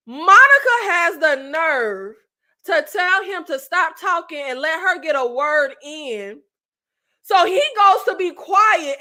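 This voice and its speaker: A woman's voice: very high-pitched, bright, forceful tone. A woman vlogger giving casual, profane commentary on a reality show, ranting with emphatic repetition and laughing often. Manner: talkative and emphatic, repeats phrases.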